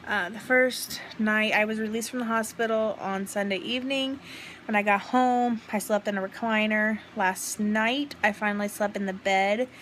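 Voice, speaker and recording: A woman's voice: medium pitch, fairly even intonation, moderate pace, fairly bright tone. Young woman on her phone at home, sore and rambly, swears a lot, faint hum behind. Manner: rambling, frank, swears casually. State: in pain, burping. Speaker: vlogger. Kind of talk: casual recovery vlog. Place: home, indoors. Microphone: phone, handheld.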